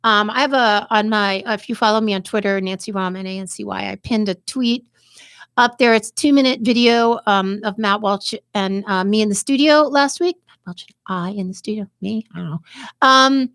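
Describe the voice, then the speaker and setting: A woman's voice: medium pitch, moderate pace, a bit bright, dry recording. A woman hosting a podcast livestream, talking in heated, impassioned bursts, restarting sentences and swearing as she reads and answers comments. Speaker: podcast host.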